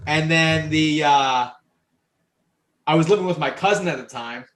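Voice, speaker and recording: A man in his thirties from New York, a podcast guest telling a story in casual chat. He is animated and profane, with lots of fillers. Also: fairly high pitch, measured pace. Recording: roomy echo.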